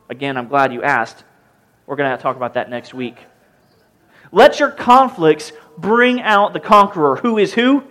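A young man preaches a sermon in a loose, joking way, his voice sitting a little high for a man. He drops to soft asides, then bursts out loud. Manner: conversational, jokey preaching with sudden loud outbursts. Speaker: pastor.

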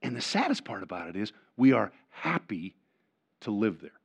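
An older man preaching a sermon as pastor. He often repeats and restarts words, and he swings between loud, emphatic lines and quiet asides. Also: fairly low pitch, big pitch swings, normal speed, gravelly, slightly rough. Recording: dull lo-fi sermon recording.

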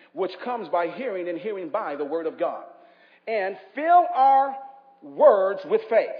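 A man's voice: high voice, in a large hall, dull audio. A man with an East Coast American accent preaching a sermon in a church, urging the congregation to respond aloud. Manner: impassioned preaching with call-and-response. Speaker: pastor.

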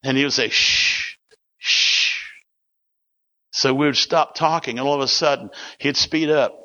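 Bright-voiced man preaching a sermon. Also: mid-range voice, fairly even intonation, fairly quick. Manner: storytelling preacher, emphatic exhortations. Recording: dull lo-fi recording.

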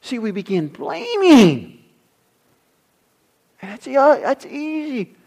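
A middle-aged man preaching a sermon as pastor, swinging from loud emphasis to near-whispers. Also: very high voice, huge pitch swings, slow pace.

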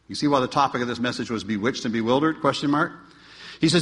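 A man's voice: mid-range voice, fast. Man preaching in a reverberant hall. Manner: rising to emphatic, pleading peaks then dropping quiet; asks the congregation rhetorical questions. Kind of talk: sermon. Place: church.

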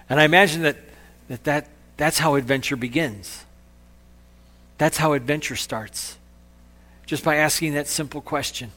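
A male pastor preaching a sermon in a conversational, animated way, acting out quotes as he retells a story. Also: a little high, moderate pace.

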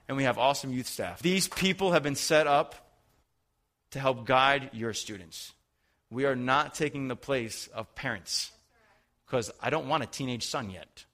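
A man's voice: medium pitch, sharp tone. A young man preaching as a youth pastor, speaking straight to the congregation and acting out quoted people with passion. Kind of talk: sermon.

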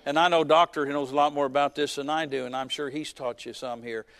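Fairly high-pitched and fairly quick, with fairly even intonation, this pastor in his fifties is preaching. He recounts a personal story with humorous asides, his volume rising and falling between loud and soft.

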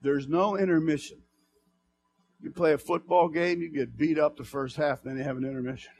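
Pastor, male, high-pitched, sermon delivery that swings between soft murmurs and fervent shouts. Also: fast talker, creaky, soft background music. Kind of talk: preaching sermon. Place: church.

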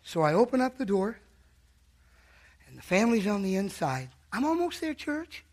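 A man's voice: sits high, huge pitch swings, normal speed, darkish tone. A man preaching a fervent sermon in a church, calling out to the congregation.

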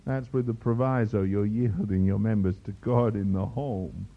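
A man preaching a sermon to a congregation, lively and teasing, mimicking other preachers' voices for humor. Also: on the low side, unhurried. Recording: dull lo-fi sermon recording.

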